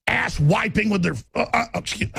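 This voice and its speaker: A man hosting a talk radio show, delivering a furious, shouting tirade with stammered restarts. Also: high voice, moderate pace, creaky, breathy edge. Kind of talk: angry ranting talk radio monologue.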